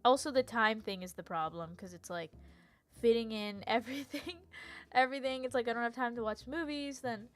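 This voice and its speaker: A woman's voice: fairly high pitch, a little fast, soft background music. A young woman streamer chatting casually and ranting animatedly about TV shows, laughing and tripping over her words. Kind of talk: casual chat, live stream rant.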